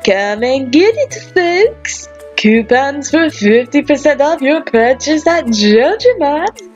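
A woman's voice: high-pitched, sing-song, slow pace, faint music behind, heavily acted. A woman voicing a smug male corporate store representative with a boastful sales patter. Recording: slightly dull lo-fi audio.

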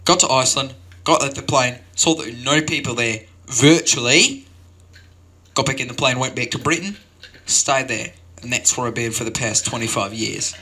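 A man with a mid-range, husky voice speaks at a moderate pace, his tone bright and forceful. In mock-earnest fashion he spins a rambling, absurd open-mic story that wanders from one tangent to the next. This improvised comic monologue closes with a stumbling sign-off packed with fillers.

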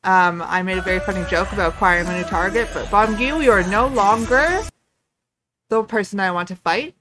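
A young woman hosting a reaction video, chatting casually with excited outbursts and swearing. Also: mid-range voice, brisk, over music.

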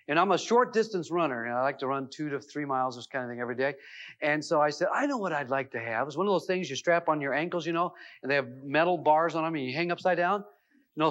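A middle-aged man giving a self-help seminar talk, telling a comic family story with lots of fillers. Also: fairly high pitch. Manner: animated, comic anecdotes with many fillers. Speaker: seminar speaker. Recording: dull lo-fi 1990s videotape sound.

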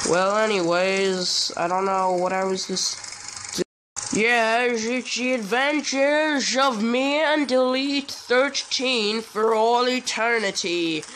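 A young man hosting gameplay commentary, chatty and excitable. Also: high-pitched. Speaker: gaming channel host.

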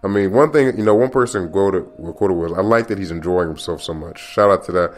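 A man with a very low voice hosts his own podcast alone. He rambles in an open, confiding way, restarting and repeating his phrases as he thinks aloud. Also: brisk. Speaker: podcast host. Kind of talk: casual solo podcast monologue.

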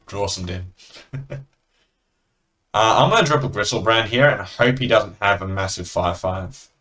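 A man's voice: on the low side, slow pace, pauses often, pushed and bright. An Australian man chatting casually and laughing between remarks as he comments on a card game he is playing.

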